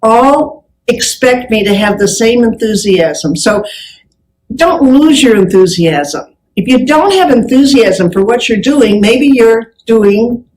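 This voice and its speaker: A woman's voice: on the high side, slow, poor audio. A woman giving a live motivational business talk on stage, telling anecdotes and acting out the dialogue. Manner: lively storyteller who acts out dialogue. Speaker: business speaker.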